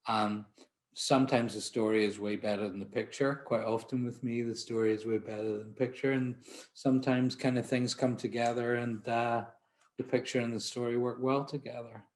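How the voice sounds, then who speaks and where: A man's voice: mid-range voice, level tone, moderate pace, darkish tone. A man with a Glaswegian accent, a portrait photographer giving a conference talk, telling chatty, self-deprecating stories with frequent restarts. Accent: Scottish, Glaswegian. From Glasgow, Scotland. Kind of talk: anecdotal presentation.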